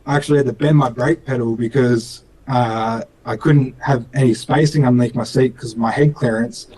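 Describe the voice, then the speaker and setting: A man's voice: mid-range voice, steady tone, moderate pace, warm tone, husky, low-quality recording. A young man with an Australian accent talks casually about racing, his voice sitting in a middle register. He rambles with fillers and restarts and slips into acted-out quotes of other people. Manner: chatty, lots of fillers and restarts, acts out dialogue. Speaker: speedcar driver. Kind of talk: casual interview chat.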